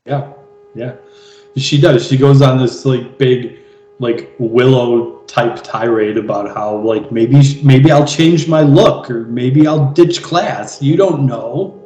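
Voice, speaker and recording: A man co-hosting a podcast, chiming in casually with agreements and quick retellings of scenes. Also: mid-range voice, dark tone, echoey room, poor audio. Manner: chimes in with short agreements and corrections. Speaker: podcast co-host. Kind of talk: casual recap chat.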